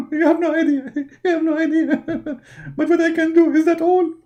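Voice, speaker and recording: A man voicing a panicky, whiny male prophet figure who pleads quickly and nervously. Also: steady tone, warm tone. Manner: fast, pleading, high-strung.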